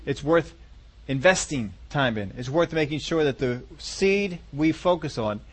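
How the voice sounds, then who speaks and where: Male pastor, folksy, conversational sermon, higher-pitched voice, talks straight to the congregation. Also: animated, a little slow, slightly rough.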